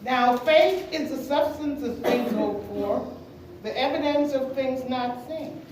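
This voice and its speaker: A woman from the congregation reads a verse aloud at a slow, careful pace, her voice high. She sits far from the mic in a very echoey room, with faint noise behind her. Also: a little mellow. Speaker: church member reading scripture. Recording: echoey hall, heard from far.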